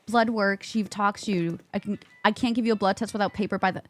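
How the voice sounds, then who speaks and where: A woman streamer chatting casually, reading and answering her chat aloud and jumping high in pitch when excited. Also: fairly quick, hardly any pauses.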